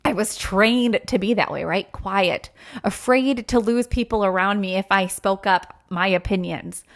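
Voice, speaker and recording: A woman hosting a faith podcast, talking earnestly and emotionally about her own experience, with many fillers and acted-out quotes. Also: measured pace. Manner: acts out quoted voices with sudden pitch jumps. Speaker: podcast host. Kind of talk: personal faith podcast monologue.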